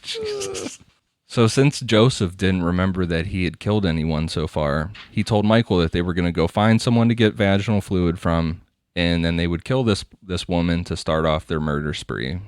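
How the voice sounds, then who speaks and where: A deep-voiced man hosting a casual podcast, reading case details in a loose, conversational way and laughing often. His voice is dry and close to the microphone. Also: moderate pace, smooth, no room sound. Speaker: podcast host. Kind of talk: casual true-crime narration.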